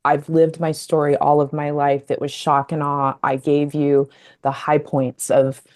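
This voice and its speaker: A woman in her fifties from Colorado speaks in a low voice. She tells her story in a loose, reflective way, stopping and restarting and growing emotional as she goes. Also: level tone, measured pace, a little mellow. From Colorado, USA. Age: 50s. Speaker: podcast guest, communication coach. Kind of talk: casual interview storytelling.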